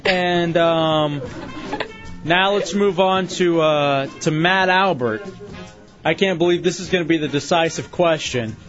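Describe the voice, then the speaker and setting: A man with a high voice hosts a late-night radio show, running a dating game with quick, chuckling banter. The broadcast sounds a little dull, with music playing underneath. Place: radio studio.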